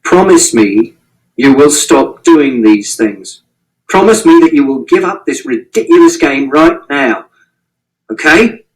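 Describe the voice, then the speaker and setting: A man's voice: fairly high pitch, expressive, slow pace, distant mic, rough recording. A man reading the part of a stern, exasperated middle-aged father who scolds curtly and swears in anger. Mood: firm.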